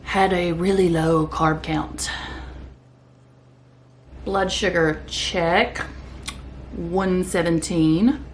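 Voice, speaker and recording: A woman's voice: on the low side, a little hiss or hum. A woman vlogger talking casually to the camera in a chatty, rambling way, sometimes speaking with her mouth full. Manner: chatty, rambling, talks while eating.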